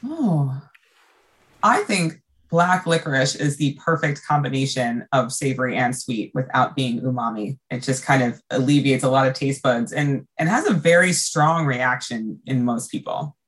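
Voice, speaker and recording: An American woman, an event designer, chatting casually and telling a vivid story in an animated, emotional way. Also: very deep voice, normal speed. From United States. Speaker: event designer, podcast guest. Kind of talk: casual backstage chat.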